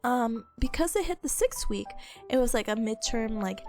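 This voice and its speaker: High, lively young woman with a sick nasal voice. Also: moderate pace, soft background music. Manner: giggly, chatty, rambling with fillers. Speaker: streamer. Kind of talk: casual chat stream.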